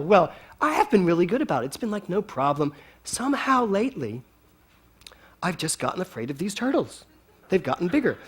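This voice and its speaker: A man giving a storytelling sermon to a congregation, animated and often laughing as he talks. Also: high-pitched. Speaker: speaker at a spiritual center.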